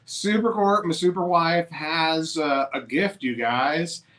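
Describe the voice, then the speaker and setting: A man's voice: a little high, takes it slowly, fairly bright tone. A man co-hosting a casual chat in an easygoing, laid-back way. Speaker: co-host.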